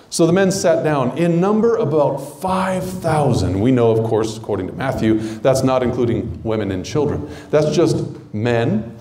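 Preacher man, lively storytelling, mellow voice, roomy echo. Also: medium pitch. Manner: storytelling, acts out characters. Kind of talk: conversational sermon.

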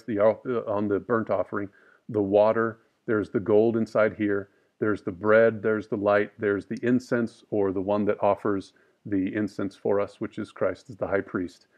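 A man teaching a scripture study. He reads verses slowly and with emphasis, then explains them in plain, casual talk. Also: on the low side, darkish tone. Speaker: Bible teacher.

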